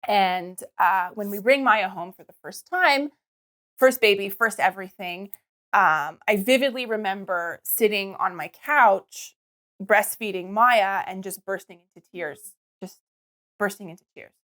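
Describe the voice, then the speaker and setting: A woman's voice: medium pitch, a little slow, fairly bright tone. Chatty young woman podcast host. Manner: rambling, restarts often, quotes herself. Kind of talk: casual personal storytelling.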